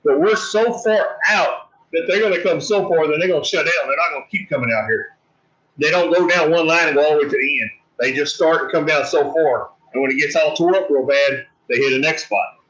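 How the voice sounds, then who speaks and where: Brief: middle-aged Louisiana homesteader, plain-spoken explainer, slightly muffled audio. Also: male voice, fairly high pitch, fairly quick, fairly bright tone. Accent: Louisiana Southern. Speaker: homestead channel co-host. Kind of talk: casual livestream chat.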